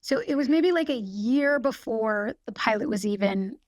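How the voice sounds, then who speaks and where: A woman's voice: fairly high pitch, expressive, moderate pace, no echo. A woman in her forties, a guest actress on a podcast, telling stories in a chatty way with many fillers. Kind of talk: casual podcast conversation. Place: podcast studio.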